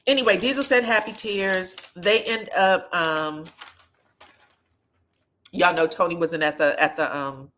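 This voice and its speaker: A woman chatting casually as she recaps a reality TV episode, sassy and chatty, and she jumps into lively voices when she quotes people. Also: fairly low pitch, unhurried, pauses often.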